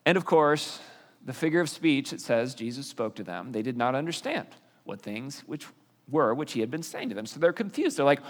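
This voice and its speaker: A man's voice: medium pitch, sing-song, normal speed. A man teaching a sermon in a conversational way, explaining with fillers and restarts. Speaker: pastor. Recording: long reverb of a hall.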